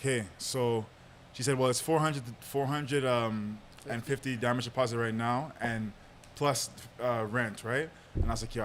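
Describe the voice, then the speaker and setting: A young man hosts a podcast, easygoing as he spins out a long personal story peppered with laughter and fillers. His voice is medium in pitch and a bit bright, with a little hiss or hum in the recording.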